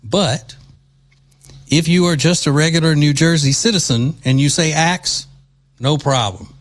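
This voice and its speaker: A man's voice: fairly high pitch, a little slow. A man from Louisiana hosting a political talk show, delivering mocking, indignant commentary.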